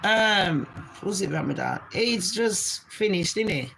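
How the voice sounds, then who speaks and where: A British woman in her forties rattles off a live-stream chat from her bedroom, quick and profane. She calls her viewers babes and jumps from topic to topic. A faint hum of noise sits under her mid-pitched voice. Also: lively intonation, vocal fry, fairly bright tone, low-quality recording. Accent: British English. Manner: fast, sweary, chatty, addresses viewers as babes.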